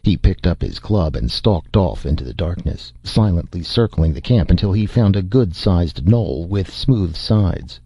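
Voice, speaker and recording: A man narrating an audiobook with a measured storytelling delivery. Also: sits low, expressive, warm tone, breathy edge, dry recording. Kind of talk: scripted narration.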